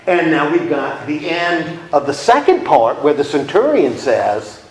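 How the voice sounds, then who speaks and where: A man's voice: fairly high pitch, sing-song, measured pace. A man leading a Bible study class, asking his listeners questions and then answering them himself. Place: room with a small class. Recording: echoey room with faint noise.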